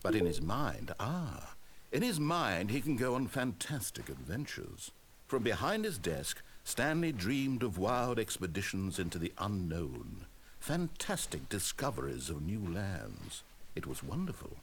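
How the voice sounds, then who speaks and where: A man's voice: lowish voice, huge pitch swings, a little slow, slight background noise, exaggerated voice. A man voicing a dry, teasing game narrator who addresses the player directly. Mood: teasing narration. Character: wry, mocking male storybook narrator of a game. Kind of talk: scripted narration.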